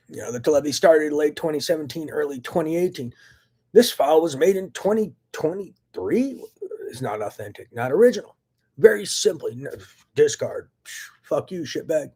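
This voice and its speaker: A man ranting angrily into the camera in a profane, agitated monologue, swinging between loud outbursts and low muttering. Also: very animated, a little fast, breathy edge. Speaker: vlogger.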